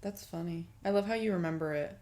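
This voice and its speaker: A woman's voice: lowish voice, crowd noise. An American woman co-hosting a podcast, chiming in with playful jokes and short reactions in casual chat. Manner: playful, quick interjections and jokes. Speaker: podcast co-host.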